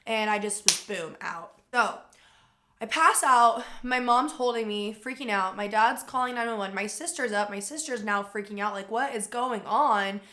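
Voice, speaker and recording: A young woman telling a personal story to camera in a casual, animated way, with lots of "like" fillers. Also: on the high side. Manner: animated retelling with frequent "like" fillers.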